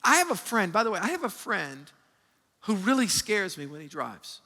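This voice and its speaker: A man in his fifties, a pastor preaching a sermon with call-and-response and animated storytelling. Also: high voice, moderate pace. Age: 50s. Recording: long reverb of a large hall.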